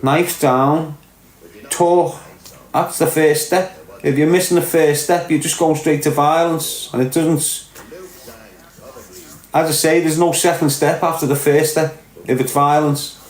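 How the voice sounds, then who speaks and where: A man's voice: on the high side, little pitch movement, unhurried. Blunt, sweary Liverpool man. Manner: blunt, sweary, emphatic, repeats points. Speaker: podcast commentator. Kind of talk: opinionated podcast rant. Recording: echoey room.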